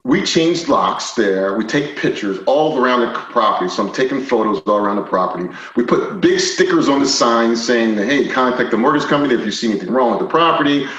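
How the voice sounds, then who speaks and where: Animated man telling a story. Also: brisk, hardly any pauses. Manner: animated, swings from low and quiet to loud indignant retellings. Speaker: guest. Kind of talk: storytelling in a podcast interview. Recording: roomy, slightly dull podcast audio.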